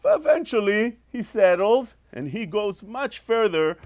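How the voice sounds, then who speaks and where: Rabbi guy preaching, high voice that jumps all over. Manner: animated preaching, mimics scolding parents, quotes Hebrew rapidly. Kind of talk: sermon.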